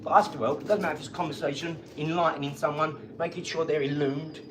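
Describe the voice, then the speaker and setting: Energetic rambling man, fairly high voice. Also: fast talker, background noise. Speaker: livestream host. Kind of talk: casual live-stream chat. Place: home garage.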